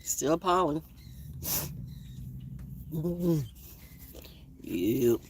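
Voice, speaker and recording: Lively playful woman musing outdoors. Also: low voice, extremely slow, slight background noise. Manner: playful, muses aloud about birds and astrology. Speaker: vlogger. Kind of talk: casual rambling morning talk on a nature walk. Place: outdoors in a front yard. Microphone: phone held in hand.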